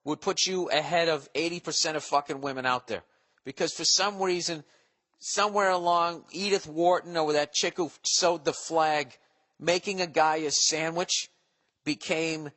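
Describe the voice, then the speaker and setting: Sounding like he's in a large hall, this Boston podcast host in his forties, his voice a little high and a bit bright, rambles comically through listener mail with plenty of swearing and sarcasm.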